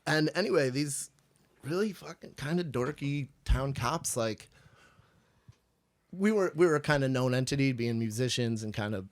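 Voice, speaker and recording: A man from Chicago spins a long, rambling anecdote in casual podcast chat, cursing easily and chuckling at his own tale. His voice sits at an ordinary middle pitch. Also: moderate pace. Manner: rambling, animated, swears freely, laughs at his own story.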